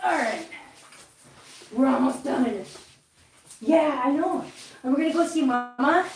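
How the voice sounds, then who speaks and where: A woman's voice: high voice, animated, a little slow, pauses often, reverberant, recorded from a distance. A woman vlog host chatting casually as she cleans at home, rambling along and cooing to her cats. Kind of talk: casual chat while cleaning. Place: home, indoors.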